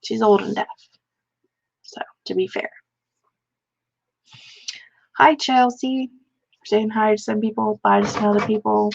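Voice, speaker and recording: Woman streamer, slow and gravelly, rambling and self-mocking, dull lo-fi audio. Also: medium pitch, fairly even intonation. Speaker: author hosting a live writing stream. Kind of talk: casual live-stream chat.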